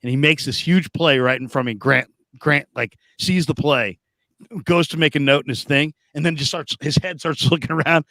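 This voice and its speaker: A middle-aged man hosting a sports talk show, telling stories in an animated, casual way with frequent stammering restarts. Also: on the high side, normal speed, no echo, clean studio sound.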